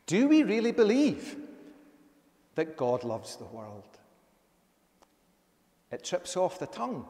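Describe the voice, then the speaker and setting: A man's voice: sits high, wildly swooping pitch, slow, warm tone. A man, a minister giving a conversational sermon with emphatic rises. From Northern Ireland. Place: church. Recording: echoey church hall.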